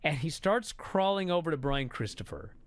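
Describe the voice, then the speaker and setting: A man angrily recapping a wrestling show in a profane, exasperated rant that builds to shouting. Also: on the high side, very animated, moderate pace.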